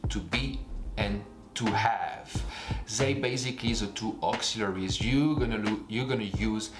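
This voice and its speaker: A French man in his twenties with a French accent, teaching a beginner language lesson slowly and patiently, repeating each form. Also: fairly low pitch, reverberant, music in the background. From France. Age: 20s.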